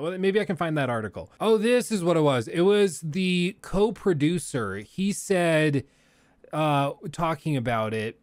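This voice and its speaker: A man's voice: on the high side, lively intonation, unhurried, dry recording. Casual man reacting live, dry close mic. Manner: casual, rambling, musing aloud with hedges and chuckles. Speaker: streamer, host.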